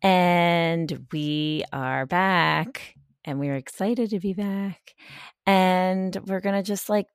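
Woman co-host, casual chat, lower voice, dry close mic. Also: fairly even intonation, slow, clear, resonant tone, no room sound. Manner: warm interjections, reactive listener. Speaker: podcast co-host.

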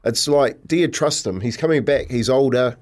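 A man with a New Zealand accent co-hosting a breakfast show. He keeps up a teasing, jokey patter, often breaking into a laugh, at a middling pitch. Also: moderate pace, a little mellow. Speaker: radio breakfast co-host. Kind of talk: casual radio banter.

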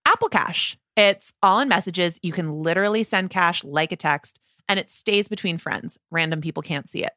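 Woman co-host, casual and playful, crisp bright tone in a dry booth. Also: lowish voice, normal speed, few pauses, no room sound. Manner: chatty, laughs often, playful asides. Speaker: podcast co-host. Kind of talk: casual music discussion.

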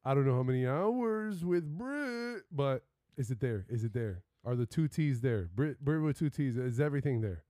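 A man hosting a podcast in a studio, joking and animated, tossing out shout-outs on a studio microphone. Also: mid-range voice, normal speed, no room sound. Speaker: podcast host. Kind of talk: casual podcast chat.

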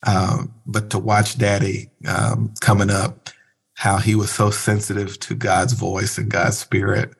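A pastor speaks in a low, slightly husky voice, earnest and reflective as he talks through his thoughts. His tone is conversational, and now and then he leans into animated asides. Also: a little slow. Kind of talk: conversational interview.

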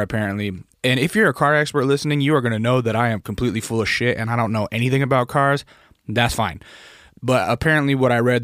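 A young man in the middle of a casual story, swearing freely as his frustration builds into sharp, loud outbursts. His voice sits in an ordinary middle range. The sound is dry and close, with no room echo. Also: mid-range voice. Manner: profane, exasperated, rising to shouted outbursts when quoting himself.

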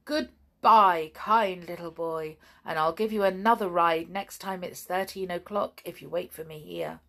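A woman's voice: on the low side, steady tone, unhurried, bright, forceful tone. A woman voicing a kindly, cheerful witch who speaks in a grand, sing-song way. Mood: fond farewell.

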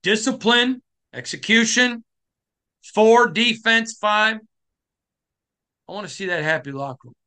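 A middle-aged man from Michigan delivers a sports podcast monologue with fervent conviction. His voice sits high for a man and rings bright and forceful. He hammers short phrases and pushes them up toward a shout. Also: measured pace, pauses often, clean tone. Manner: passionate, emphatic, rising to shouting. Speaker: podcast host.

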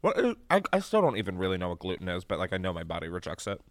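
A man hosting a podcast in casual chat, animated and chatty, swearing freely and laughing often. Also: low voice, racing, dry recording. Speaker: podcast host. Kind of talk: casual chat, candy taste test.

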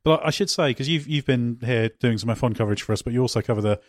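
A man's voice: medium pitch, very fast, no echo, studio quality. A man hosting a motorsport podcast in a casual, jokey way, often restarting his sentences. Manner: jokey, teasing, frequent restarts. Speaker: podcast host.

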